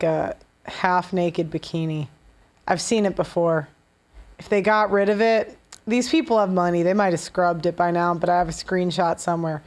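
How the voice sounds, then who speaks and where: A woman's voice: medium pitch, darkish tone. A woman hosting a show, giving blunt, sarcastic and profane reaction commentary on clips. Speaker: show host.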